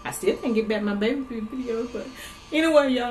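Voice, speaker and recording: A woman's voice: a little high, fairly quick, darkish tone. A woman vlogger chatting casually to her viewers while she eats and hums between bites, recorded on a laptop microphone at home. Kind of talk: casual eating vlog chat. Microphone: laptop built-in mic. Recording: roomy laptop recording with faint background noise.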